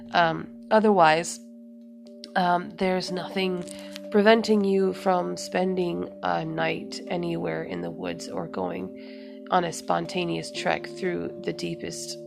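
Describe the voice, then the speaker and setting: A woman hosting a podcast, reading notes aloud with casual asides, halting with many ums and self-corrections. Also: lowish voice, vocal fry. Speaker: podcast host.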